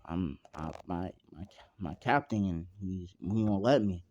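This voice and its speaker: Some dude reading out a young woman sailor, stammery and unsure, in a low-key fan story voice. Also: a little slow, darkish tone, lo-fi sound. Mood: hesitant. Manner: hesitant, stammering. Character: young woman navigator, surprised then tearful.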